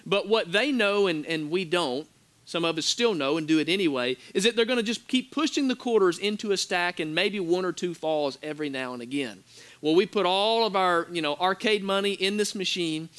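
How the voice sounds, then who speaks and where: A man with a high voice preaches a sermon in a church. He tells his story with animated energy, acting out the quotes and laughing along, then drops into a quiet prayer. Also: brisk. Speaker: pastor. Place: church sanctuary.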